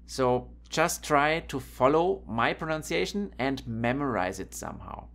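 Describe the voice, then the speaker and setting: Man, language teacher, unhurried careful delivery, repeats each example twice. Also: medium pitch, animated, creaky, fairly bright tone. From Germany. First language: German. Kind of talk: pronunciation lesson.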